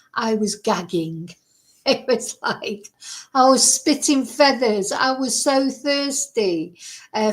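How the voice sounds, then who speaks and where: Middle-aged woman rambling on, chatty, laughing, breaking off mid-sentence, a bit high-voiced. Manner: rambling, chatty, laughs often, self-interrupting. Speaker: true crime channel host. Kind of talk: casual chatty storytelling.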